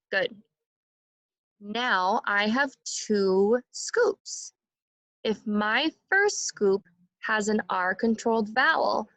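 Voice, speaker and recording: A woman's voice: medium pitch, fairly bright tone, no echo. Patient woman teaching young children. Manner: slow, clear and encouraging, models sounds for the class to repeat. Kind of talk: phonics lesson for young children.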